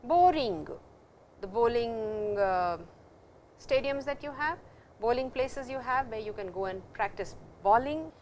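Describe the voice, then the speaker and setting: Woman, Indian English accent, middle-aged, lecture style, patient explaining, higher voice. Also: animated, slight background noise. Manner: patient, explanatory, repeats terms slowly. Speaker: Japanese language teacher. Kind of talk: classroom lecture.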